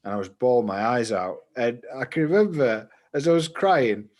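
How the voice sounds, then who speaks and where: Guy on a podcast, rambling animated storyteller, laughs a lot, mid-pitched voice. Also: moderate pace. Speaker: podcast co-host. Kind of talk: casual chat.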